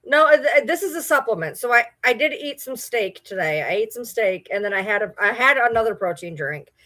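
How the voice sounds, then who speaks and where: A woman's voice: fairly high pitch, expressive, brisk, pushed and bright. Chatty woman with a Michigan accent. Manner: chatty, rambling, reads and answers viewer comments. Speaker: livestream host. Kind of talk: casual livestream chat.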